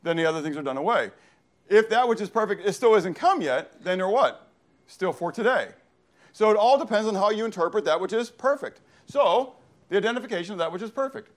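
A man's voice: sits high, animated, fairly quick. A male pastor preaching a sermon in an emphatic style, often posing questions to the congregation and then answering them himself. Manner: emphatic, uses call-and-response questions.

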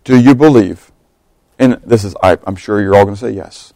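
A man with a lowish voice preaches a sermon at a normal pace, telling funny stories and acting out the voices of the people in them. His delivery is animated, full of quoted dialogue and humorous asides, and the recording is rough with no room sound.

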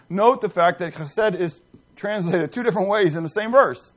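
Man, middle-aged, pastor, fairly high voice, emphatic, questions the congregation. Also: normal speed. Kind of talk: sermon with scripture reading.

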